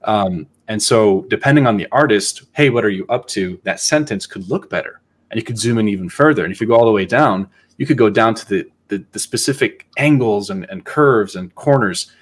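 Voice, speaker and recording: A man hosting a casual podcast, talking in a reflective, halting way as he thinks aloud. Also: fairly low pitch. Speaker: podcast host.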